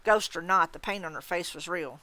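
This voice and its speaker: A woman hosting a story time, reading a novel aloud in a calm, steady storytelling manner. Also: lowish voice, a little fast, no echo.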